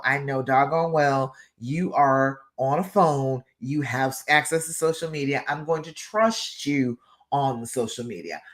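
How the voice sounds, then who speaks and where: Low-voiced woman coaching on a live stream. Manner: encouraging, emphatic, repeats "all right" and "okay". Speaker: relationship coach and live show host.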